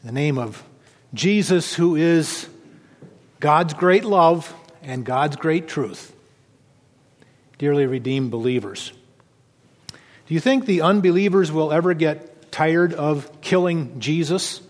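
A male pastor reading scripture and moving into his sermon with a steady, earnest delivery. His voice sits a touch high for a man, with a long reverb from the church hall. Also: slow, long pauses.

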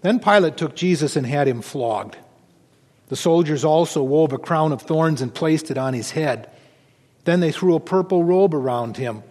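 A male pastor reading scripture and moving into his sermon with a steady, earnest delivery. His voice sits a touch high for a man, with a long reverb from the church hall. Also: moderate pace.

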